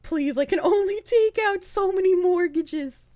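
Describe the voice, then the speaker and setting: A woman's voice: very high-pitched, a little slow, warm tone, no room sound, clean studio sound. A woman streamer chatting casually and rambling on a live stream, laughing often between lines.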